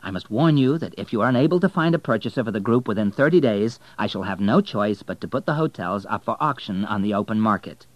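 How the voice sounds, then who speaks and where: A man reading an audiobook, voicing a young male banker with a measured, formal, controlled delivery. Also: fairly low pitch, animated, no echo, highs cut off.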